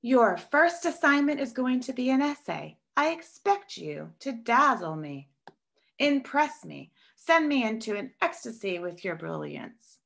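A stern older schoolteacher who barks her orders in a Southern accent, as a woman reading aloud puts her on. The voice is gravelly, with a lot of fry underneath, and she sounds sharp and commanding. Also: fairly high pitch, sing-song, a little slow, voice pushed up, heavily acted. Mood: demanding. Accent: Southern American. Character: stern strict older female teacher, barking.

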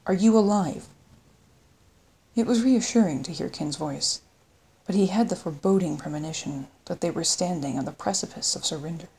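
A woman reading an audiobook in steady scripted narration. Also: low voice, brisk, a little hiss or hum. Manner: steady storytelling read.

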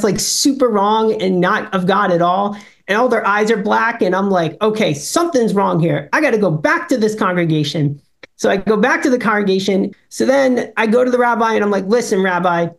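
Slangy young man telling a lively story. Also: gravelly. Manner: slangy, acts out quoted voices with big pitch jumps. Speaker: congregation member. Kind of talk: casual storytelling testimony. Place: congregation bible study room.

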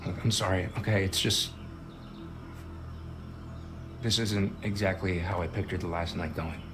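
A man's voice: sits low, fairly even intonation, a little fast, background noise, lightly acted. A young man voicing a sulky, guilt-ridden camp counselor in a video game, talking defensively and then apologizing. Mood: guilty.

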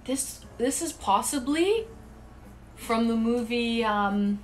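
A woman's voice: fairly high pitch, expressive, slow pace, faint music behind. A woman streaming live, chatting casually and talking straight to her viewers. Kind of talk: casual livestream chat.

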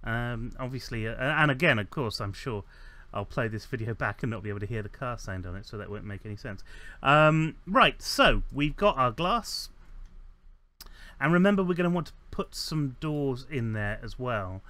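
A man giving casual commentary while playing a building game. He rambles and corrects himself, fills pauses with ums, and adds dry, self-mocking asides. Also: mid-range voice, expressive, bright, forceful tone. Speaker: let's play host.

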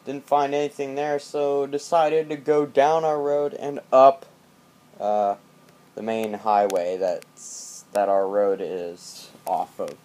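A man's voice: mid-range voice, fairly even intonation, slow, a little mellow. A man talking in a rambling, joking way in a casual late-night vlog, recorded on a tablet's built-in mic at home during a power outage. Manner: rambling, jokey, repeats himself. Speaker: vlogger. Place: dark house during power outage, indoors.

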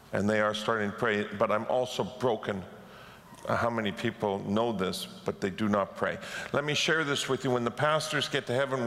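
A man's voice: mid-range voice, fairly bright tone. A Canadian man preaching a sermon as pastor, telling stories and acting out quotes as he goes. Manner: storytelling with acted-out quotes. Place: church sanctuary. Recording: echoey church hall.

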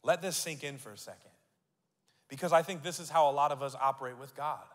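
A male pastor preaching a sermon, reading scripture aloud and building to loud declarations. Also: a little high, fairly quick. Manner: reads scripture aloud and asks the crowd to repeat. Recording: long hall reverb.

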